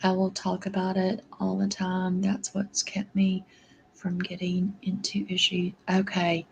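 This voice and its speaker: Middle-aged woman, livestream host, unhurried delivery with a flat melody, affectionate toward her viewers. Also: on the low side, creaky, a little hiss or hum. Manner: affectionate, answers chat comments by name. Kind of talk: casual livestream chat with viewers.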